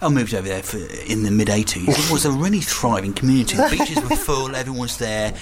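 A man's voice: medium pitch, very animated, quick pace, background noise. A man co-hosting a podcast, joking with a dry, mock-serious manner. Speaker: podcast co-host. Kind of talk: casual banter.

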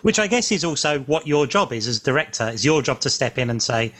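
A man interviewing a guest, asking long searching questions with halting restarts. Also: medium pitch, very animated, fairly bright tone. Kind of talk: casual interview chat.

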